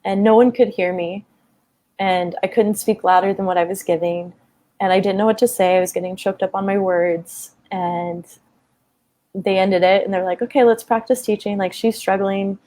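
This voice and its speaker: A woman's voice: medium pitch, little pitch movement, moderate pace, dark tone. A woman in her thirties telling a personal story in a conversation, open and emotional, with many fillers. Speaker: guest.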